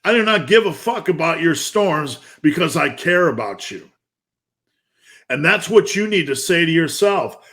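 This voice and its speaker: A man in his fifties delivering a profane, fired-up motivational talk. His voice sits a little higher than most men's, and he speaks bluntly, with hard-hitting swearing throughout. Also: expressive, measured pace, a bit bright. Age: 50s. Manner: intense, blunt, heavy swearing.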